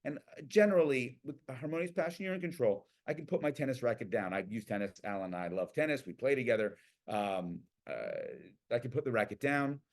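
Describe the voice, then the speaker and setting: A man speaks in a relaxed, conversational way and slips into the voices of the people he describes. His pitch rises and falls a lot as he tells his stories, and it sits in an ordinary middle register. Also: brisk. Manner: animated storyteller acting out quoted people. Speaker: guest speaker on passion. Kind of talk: casual talk.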